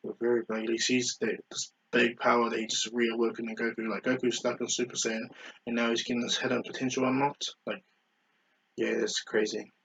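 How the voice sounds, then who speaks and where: A man's voice: mid-range voice, little pitch movement, brisk, a bit bright, breathy edge, low-quality recording. A man casually retelling a fan story, rambling with many fillers and self-corrections.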